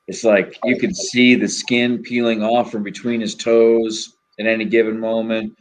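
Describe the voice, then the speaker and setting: A man with a lowish voice rambles through a story in a casual chat. He swears freely and keeps the telling animated. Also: poor audio. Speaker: host.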